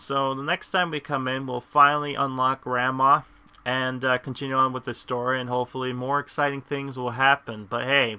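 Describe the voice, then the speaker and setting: A man's voice: medium pitch, pushed and bright, smooth. A man hosting a casual gameplay video, rambling through his commentary with many restarts. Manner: rambling, lots of fillers and restarts. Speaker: gameplay host.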